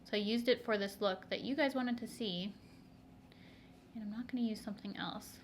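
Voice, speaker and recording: Chatty girl doing her makeup on camera, laughs a lot, mid-pitch voice. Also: normal speed, slight background noise. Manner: chatty, laughs often, asides to viewers. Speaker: beauty vlogger.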